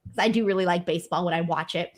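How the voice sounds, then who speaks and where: A woman's voice: on the low side, racing. A young woman hosting a casual livestream, reading viewer comments and telling funny stories in a chatty, self-mocking way. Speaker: wrestling show host reading super chats.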